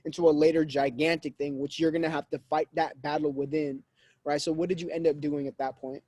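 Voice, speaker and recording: A man's voice: a little high, little pitch movement, fairly quick, mellow, no room sound. A man hosting a conversation, recapping his guest's points and hyping him up. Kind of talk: conversational interview.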